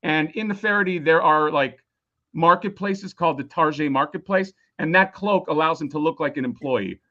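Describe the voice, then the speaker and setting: A toy designer pitches his crowdfunding campaign on a live stream, his voice a little high and fading as he loses it. He rambles casually and swears a lot while explaining a toy, speaking at normal speed with a bright, forceful tone. The recording sounds muffled.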